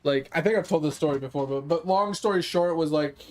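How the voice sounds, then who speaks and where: A man's voice: fairly high pitch, a little fast, faint music behind. Rambling, profane male streamer. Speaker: game streamer. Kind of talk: casual storytelling.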